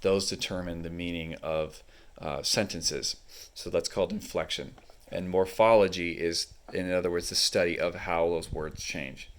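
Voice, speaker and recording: A man with a very deep voice talks through a book page by page. He explains at an easy pace and fills his pauses with ums and uhs, like a casual hobby reviewer. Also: fairly even intonation. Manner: unhurried, explanatory, many fillers.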